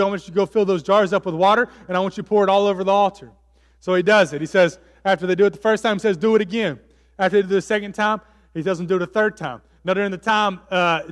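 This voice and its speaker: A man's voice: high-pitched, a bit bright, long reverb tail. A man preaching a sermon as pastor, telling the story casually with fillers and acting out the quotes. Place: church hall.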